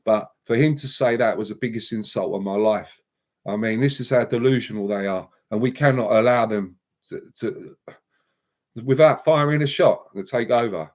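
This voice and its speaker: A man's voice: medium pitch, normal speed. A man hosting a live stream and ranting heatedly, with repeated emphatic outbursts and words said over and over. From England.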